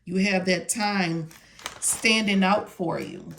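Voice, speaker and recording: A woman's voice: medium pitch, takes it slowly, vocal fry, very noisy. A woman instructor walking students through medical coding notes step by step, often checking in with "okay?". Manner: repeats "okay?" and "all right?" to check in. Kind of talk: casual step-by-step tutorial.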